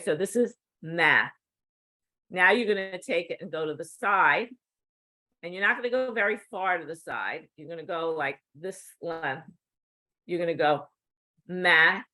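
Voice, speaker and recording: With a lowish voice that sounds pushed and bright, a middle-aged woman gives a cued speech lesson. She proceeds slowly and patiently, often stopping to ask the learner "okay?"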